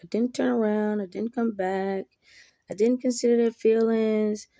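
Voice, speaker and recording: A woman with a gravelly, mellow voice speaks in an unhurried, candid monologue. She is reflective but blunt, cursing freely as she makes her points, and the recording sounds close and dry. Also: on the high side, fairly even intonation, dry recording. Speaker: vlogger.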